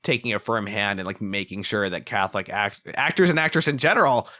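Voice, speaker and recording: A man's voice: lowish voice, brisk, pushed and bright. A man co-hosting a film review podcast in casual chat, rambling with lots of filler words. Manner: rambling, lots of "like" and "you know". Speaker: podcast co-host.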